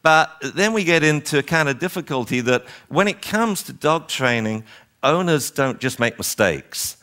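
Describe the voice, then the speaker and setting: A man lecturing a seminar on dog training, animated and wryly exasperated, acting out owners and dogs as he goes. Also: a little high, moderate pace.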